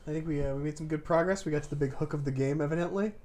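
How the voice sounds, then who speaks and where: A man's voice: on the high side, very fast, warm tone. A man co-hosting a game stream, chatting casually with a dry, joking manner. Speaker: streamer co-host. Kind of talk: casual chat.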